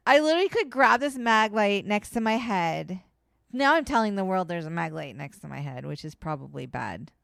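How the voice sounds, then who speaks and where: A woman's voice: medium pitch, expressive, normal speed, gravelly, fairly bright tone, no room sound, clean studio sound. A woman co-hosting a podcast at home, chatting animatedly with lots of fillers. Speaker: podcast co-host. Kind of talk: casual chat. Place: home, indoors.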